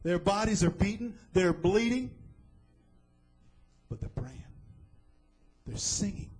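A man's voice: high-pitched, animated, slow pace, a little mellow, husky, faint music behind, low-quality recording. A man preaching a sermon, retelling a scripture story dramatically and asking the listeners questions.

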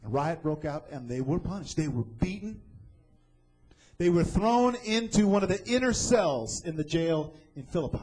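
A man's voice: a little high, animated, normal speed, darkish tone, husky, faint music behind, low-quality recording. A man preaching a sermon, retelling a scripture story dramatically and asking the listeners questions.

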